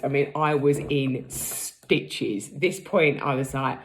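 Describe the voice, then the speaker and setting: A woman's voice: low-pitched, animated, a little slow, hardly any pauses, a little mellow. A woman in her thirties telling a frank, laughing story in a casual vlog, acting out what people said. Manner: chatty, frank and laughing, acts out quotes. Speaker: vlogger.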